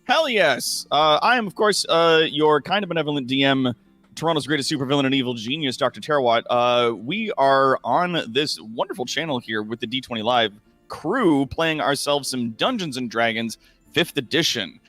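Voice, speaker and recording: Canadian male GM, bright voice, hammy, lots of laughs, dry close mic, faint music bed. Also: medium pitch, lively intonation, normal speed, no room sound. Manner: hammy, enthusiastic, laughs a lot. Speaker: game master. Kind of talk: hosting and narrating a tabletop game.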